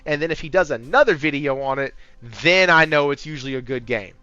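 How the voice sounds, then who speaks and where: A man hosting a casual gaming podcast, talking in an amped-up, high-energy way and swearing freely. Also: fairly quick, bright, forceful tone, clean tone, no room sound. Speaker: podcast host. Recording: slightly muffled audio with faint background music.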